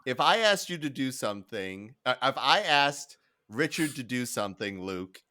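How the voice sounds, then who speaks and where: Guy from detroit on a podcast, emphatic storyteller, mid pitch, dry close sound. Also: sing-song, moderate pace, bright, forceful tone, no echo. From Detroit, United States. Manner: storytelling, emphatic, laughs while telling anecdotes. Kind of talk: casual chat.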